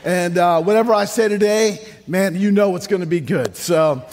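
A man's voice: high-pitched, normal speed, a little mellow. A male pastor, preaching a sermon in an upbeat, joking, sing-song cadence. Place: church sanctuary.

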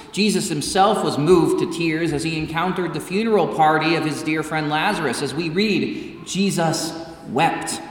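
A male pastor delivering a sermon with slow, deliberate emphasis and pauses. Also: on the high side. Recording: echoey church hall from far off.

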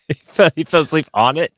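A man's voice: fairly high pitch, fairly bright tone, dry recording. A man co-hosting a podcast in casual, crude chat, teasing and interrupting his partner with jokes. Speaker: podcast co-host.

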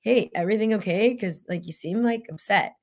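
A woman mimicking her husband as a gentle, questioning adult man. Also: high voice, fairly quick, gravelly. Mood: concerned.

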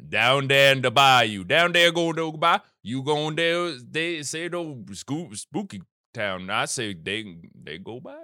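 A man's voice: mid-range voice, animated, takes it slowly, few pauses, sharp tone, dry recording, clean studio sound, voice pushed up. A man putting on a jokey, mangled drawl for a bayou local man in a comedy podcast bit.

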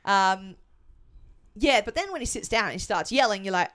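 A woman's voice: mid-range voice, lively intonation, moderate pace, fairly bright tone. A woman co-hosting a podcast, chatting casually and retelling events with quoted asides. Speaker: podcast co-host. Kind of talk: casual chat.

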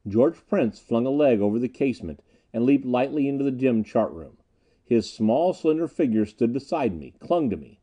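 Deep-toned man narrating a dramatic story. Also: normal speed. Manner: expressive, dramatic reading. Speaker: audiobook narrator.

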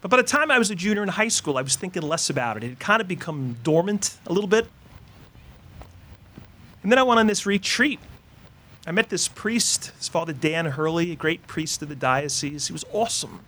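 A man's voice: fairly high pitch, expressive, fairly quick, pushed and bright. A Catholic priest in his fifties giving a sermon in a casual, conversational storytelling way, full of fillers and asides. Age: 50s.

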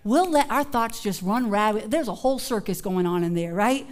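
A woman pastor preaching a sermon in a casual, conversational way, building from hushed moments to emphatic shouts. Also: mid-range voice, moderate pace.

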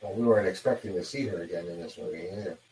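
A man's voice: low-pitched, racing, dark tone, roomy sound, a little hiss or hum, rough recording. A man co-hosting a movie watch-along commentary, chatting casually and dropping frequent yeahs and mm-hmms. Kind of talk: casual chat.

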